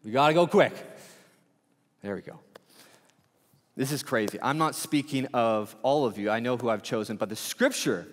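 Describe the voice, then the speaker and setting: A man's voice: mid-range voice, a little hiss or hum. Casual preaching man in a hall. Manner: conversational, storytelling with quick asides. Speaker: pastor. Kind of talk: sermon.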